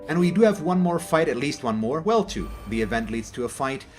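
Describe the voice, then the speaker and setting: A man's voice: on the high side, sing-song, fairly quick, soft background music. A man from Germany, a native German speaker, giving casual, rambling gameplay commentary in English and often correcting himself mid-sentence. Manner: rambling, self-correcting, chatty. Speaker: gaming channel host.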